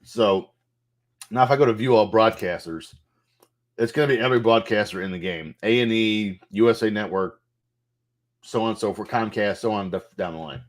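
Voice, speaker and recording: A man's voice: lowish voice, moderate pace. A man casually walking through a wrestling management game's menus, loose and a bit profane, thinking aloud as he goes. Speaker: gameplay streamer. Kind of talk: casual game walkthrough commentary.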